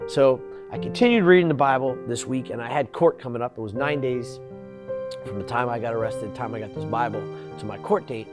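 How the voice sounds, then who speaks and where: A man in his forties tells his own hard story in an earnest, halting way, restarting his sentences as he goes. He slips into the voices of people he quotes, and soft music plays underneath. His pitch sits in an ordinary middle range. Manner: acts out what others said. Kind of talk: personal testimony.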